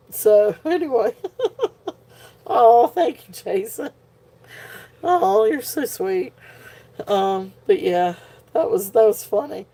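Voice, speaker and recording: A woman with a warm, medium-pitched voice hosts a live jewelry sale in casual chat. Tired and punch drunk, she giggles and laughs often as she talks.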